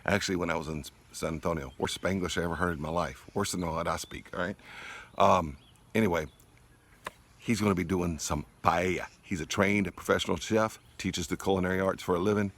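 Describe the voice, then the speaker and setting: A middle-aged man with a fairly low voice talks his viewers through a recipe. His delivery is folksy and rambling, and he keeps tossing in a quick "all right?". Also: fairly even intonation, a bit bright. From Louisiana, USA. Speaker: cooking channel host. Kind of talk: casual cooking video talk.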